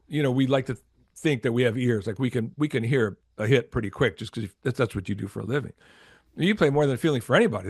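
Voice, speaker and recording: Animated older man telling industry stories. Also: mid-range voice, dry recording, clean studio sound. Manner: animated anecdotes with acted-out quotes, frequent restarts. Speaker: former record label promotion executive, guest. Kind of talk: storytelling interview.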